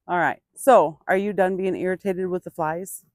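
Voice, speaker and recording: Patiently working with a burro, a woman trainer alternates between explaining things to viewers and softly coaxing the animal. Her voice is fairly low and fairly even, her pace measured, and the studio-quality recording has no echo.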